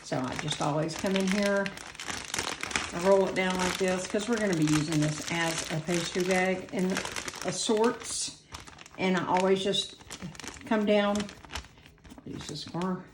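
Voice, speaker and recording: Cooking vlog host, woman, lowish voice, self-deprecating and chatty, recorded on a tripod camera in a roomy kitchen. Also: a little hiss or hum. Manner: chatty, self-deprecating, talks while working. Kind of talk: casual cooking demonstration. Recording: echoey room.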